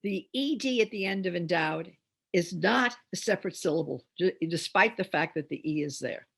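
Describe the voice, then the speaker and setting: An older woman, a reading teacher, giving an instructional demonstration and sounding out phonemes slowly and deliberately. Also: lowish voice, animated, vocal fry, a bit bright, breathy edge.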